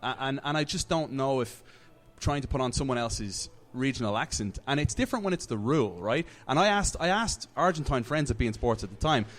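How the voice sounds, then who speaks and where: Man from Ireland, soccer broadcaster, animated live panel talk, repeats words, brewery recording. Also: mid-range voice, fairly quick, hardly any pauses. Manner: animated, repeats words while working out a point. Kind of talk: casual panel discussion.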